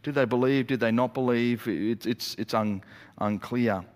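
A man preaching a sermon as a pastor, telling the story in a lively way with quick acted-out asides. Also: medium pitch. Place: church auditorium. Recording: long reverb of a church hall.

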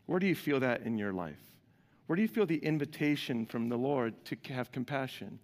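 A man's voice: medium pitch, a little fast. Man preaching in a reverberant hall. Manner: animated, asks the congregation questions. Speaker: pastor. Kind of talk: sermon.

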